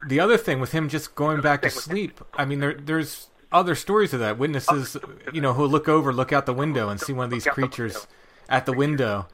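A man's voice: mid-range voice, a little fast, fairly bright tone. A male host asking thoughtful, musing questions in a casual interview.

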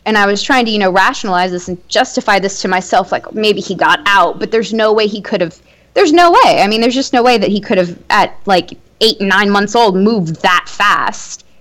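A woman's voice: medium pitch, moderate pace, few pauses, a bit bright. An adult woman telling a personal ghost story as an interview guest, chatty, with many fillers and small nervous laughs.

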